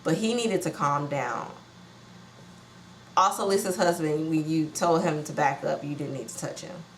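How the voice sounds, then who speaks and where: A slightly low-voiced woman chats through a reality show recap in a gossipy, animated way, slipping into slang and outrage. Her voice bounces around an echoey room with a faint hum of ambience behind it. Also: normal speed. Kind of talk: casual watch-along commentary.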